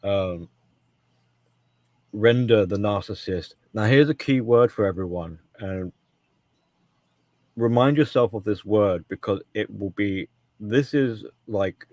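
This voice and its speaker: Lowish guy on a podcast, emphatic, keeps restarting, dry close sound. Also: takes it slowly, pauses often, a little mellow, dry recording. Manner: emphatic, repeats and restarts words. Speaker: co-host. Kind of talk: casual podcast discussion.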